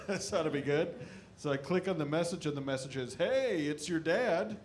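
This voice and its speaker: A stand-up comedian man from the American Midwest, telling animated stories about his family on a club stage. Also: a little high, brisk. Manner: animated storytelling, shouting impressions of his dad.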